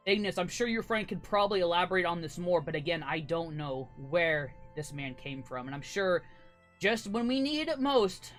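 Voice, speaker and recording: A man's voice: high-pitched, a bit bright. A man voicing a stern paladin commander. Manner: solemn, commanding speeches.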